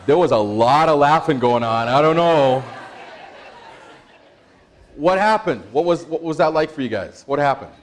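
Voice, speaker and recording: A man presenting an interactive workshop, energetic, quizzing the audience and laughing often. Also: fairly high pitch, normal speed, long pauses, some chatter behind. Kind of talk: interactive stress-management workshop.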